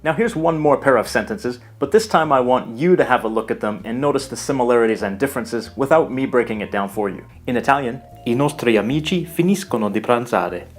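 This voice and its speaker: A man giving a scripted language lesson in a measured, explanatory way. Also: medium pitch, faint music behind. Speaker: language teacher. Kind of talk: scripted educational narration.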